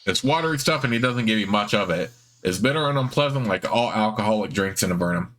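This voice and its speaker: Low voiced guy doing a let's play, reads the game text plain, chats offhand. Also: animated, fairly quick, a bit bright, slight background noise. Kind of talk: game text read-aloud with commentary.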